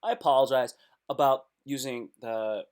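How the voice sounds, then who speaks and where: A man's voice: medium pitch, normal speed, darkish tone, clean tone. A man hosting a casual live stream, reacting aloud to web posts in a loose, slangy way.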